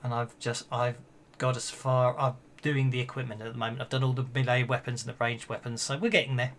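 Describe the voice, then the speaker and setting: A man wrapping up a tabletop game session as game master, talking in halting bursts full of fillers and restarts. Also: mid-range voice, little pitch movement, fairly bright tone, slight background noise.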